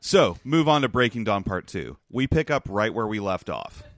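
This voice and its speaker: A man's voice: fairly low pitch, sing-song, moderate pace, no room sound. A young man hosting a podcast, casually recapping a movie with rambling asides, frequent laughs and casual swearing. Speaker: podcast host.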